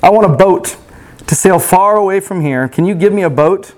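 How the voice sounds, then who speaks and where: A man voicing a demanding boy who grows into a tired old man while reading a storybook aloud, in a flat, low way. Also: normal speed, close to an everyday voice. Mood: weary.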